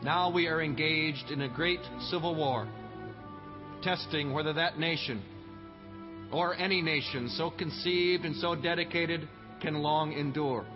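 A man playing a solemn older statesman, delivering a wartime address in slow, measured oratory, with music behind. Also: on the high side, natural voice. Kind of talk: historical impression in a church service. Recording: dull sound with music behind. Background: clear music.

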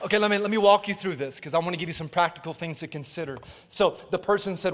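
A man's voice: sits high, fast talker, hardly any pauses, a bit bright, in a large hall. A man preaching a sermon as pastor, emphatic, with call-and-response asides and acted-out quotes. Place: church auditorium.

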